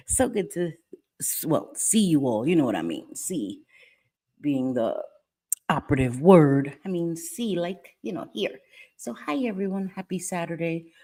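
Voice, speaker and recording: Middle-aged female streamer, low register, rambling friendly chat, hushed so as not to wake the house. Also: very animated, measured pace. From Puerto Rican heritage. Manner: chatty, greets viewers by name, rambling asides; keeping her voice down. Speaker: live-stream host. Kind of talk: casual live-stream chat. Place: at home.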